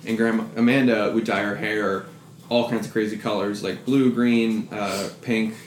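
A man's voice: on the low side, fairly even intonation, normal speed. A man casually telling a profane, self-deprecating story, now and then mimicking people's voices. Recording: echoey room with faint noise.

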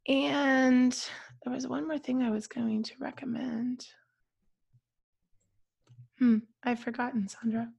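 A woman co-hosting a casual podcast chat, her voice scratchy and hoarse from a cold, talking in trailing restarts. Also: sits high, level tone, slow pace, pauses often, darkish tone. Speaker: podcast co-host.

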